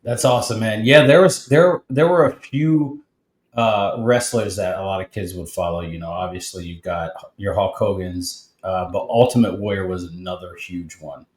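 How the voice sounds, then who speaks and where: A man's voice: low voice, normal speed. Male podcast host, enthusiastic casual chat, roomy echo on the voice. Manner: enthusiastic, says "man" a lot.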